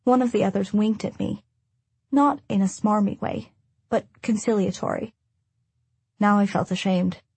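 Audiobook narrator, woman, husky voice, dry close sound, measured storytelling. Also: mid-range voice, darkish tone, no room sound. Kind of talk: first-person audiobook narration.

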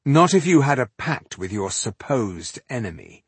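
A man's voice: mid-range voice, very animated, moderate pace, breathy edge, no echo, pitched above the performer's own voice. A man voicing a suspicious male dwarf warrior with a dry, wry manner.

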